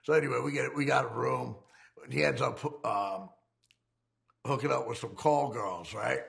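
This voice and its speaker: A man with a deeply gravelly, fry-heavy voice recounts his past crimes in a loose, rambling way. He swears constantly and laughs at his own memories as the story spills out. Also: normal speed, a bit bright. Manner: profane, rambling, laughing often. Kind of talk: casual storytelling.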